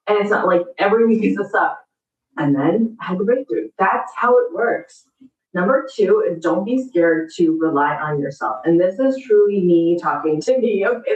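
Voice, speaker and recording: A woman's voice: mid-range voice, roomy sound, recorded from a distance, lo-fi sound. A woman in her thirties chatting casually, upbeat and encouraging, giving a motivational pep talk to her viewers.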